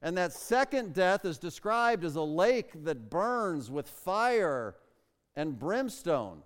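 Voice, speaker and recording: A man's voice: high voice, big pitch swings, takes it slowly. A man preaching a sermon as pastor, emphatic and full of rhetorical questions, stretching out key words for stress. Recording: long reverb of a large hall.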